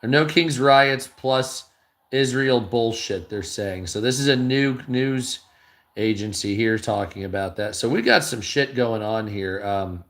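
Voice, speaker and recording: A man's voice: mid-range voice, unhurried, a bit bright. A tired man giving blunt, heavily profane reaction commentary while reading news headlines aloud. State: tired, low energy.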